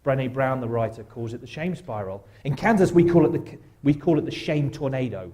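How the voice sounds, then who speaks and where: Man, mellow dark voice, guest speaker, guided reflection in a church. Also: medium pitch, animated. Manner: slow, gentle guided-exercise delivery with wry humor. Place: church sanctuary.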